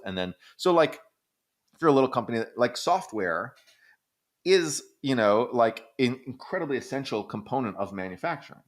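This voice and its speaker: A man hosting an economics podcast, explaining in casual chat, thinking aloud with frequent restarts and fillers. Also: fairly low pitch. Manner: animated, breaks into silly quoted voices.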